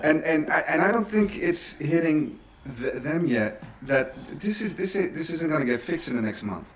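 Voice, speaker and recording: A man hosting a podcast who listens supportively and talks in a casual, sometimes halting way. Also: on the high side, expressive, slight background noise. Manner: supportive, brief backchannel replies, some stammering. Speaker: podcast host. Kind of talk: casual interview chat.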